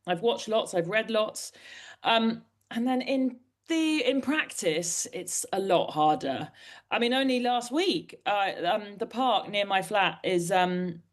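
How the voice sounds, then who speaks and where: A woman's voice: mid-range voice, lively intonation, takes it slowly. A woman in her forties from Britain, an author being interviewed, telling stories in a candid, rambling, self-deprecating way. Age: 40s. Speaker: author guest. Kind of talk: candid conversational storytelling.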